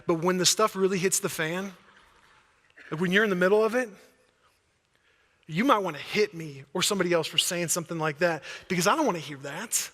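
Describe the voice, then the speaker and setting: A man preaches a sermon from a church stage in a high, bright voice. He is emphatic and builds to near-shouting in the passionate passages. His voice carries a long reverb from a large church hall. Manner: emphatic, rises to near-shouting when acting out pleas. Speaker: pastor.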